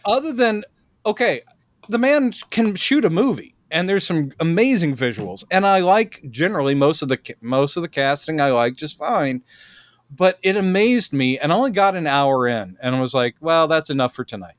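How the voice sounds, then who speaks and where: A man hosting a casual podcast chat, opinionated and animated as he tells stories, on a close podcast mic. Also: a little high, moderate pace, no room sound. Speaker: podcast host.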